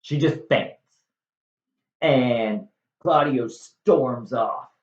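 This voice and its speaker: A man's voice: medium pitch, extremely slow. A man casually retelling a play's plot in a joking, filler-heavy way. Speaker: storyteller retelling a play. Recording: dull echoey room recording.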